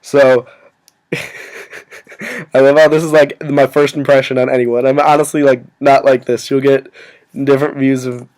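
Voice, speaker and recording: A young man casually telling a story to his viewers, rambling and filling every pause with "like". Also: medium pitch, little pitch movement, darkish tone. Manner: rambling, full of "like" fillers. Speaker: vlogger.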